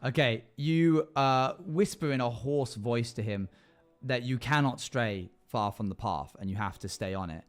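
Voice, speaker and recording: A man's voice: mid-range voice, normal speed. Casual man narrating a streamed adventure. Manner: casual, rambling narration with many fillers. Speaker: streamer running an interactive adventure. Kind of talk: live narration of a choose-your-path game.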